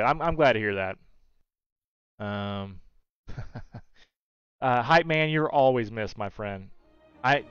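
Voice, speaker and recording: A slightly high-voiced man hosts a casual gaming livestream, chattily reading viewer comments out loud and bantering warmly with regulars by name. The recording is dry and the audio dull.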